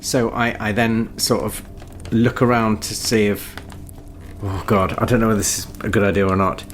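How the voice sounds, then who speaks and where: A man's voice: lowish voice, flat delivery, moderate pace, a little hiss or hum. A man playing a tabletop role-play game, hesitant and stammering. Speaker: player.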